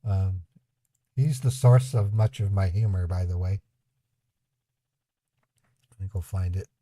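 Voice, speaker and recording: A man hosting a scambaiting livestream tells his chat rambling family anecdotes in a casual storytelling style, chuckling and voicing quotes. His low-pitched voice is unhurried and warm, with no echo.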